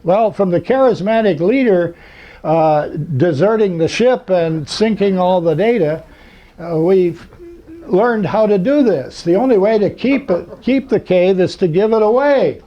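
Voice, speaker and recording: Older man, high voice, dry humor. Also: lively intonation, measured pace, dark tone. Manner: dry humor, rambling with fillers. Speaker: convention speaker. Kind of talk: anecdotal talk to an audience. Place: lecture hall. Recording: muffled lo-fi recording.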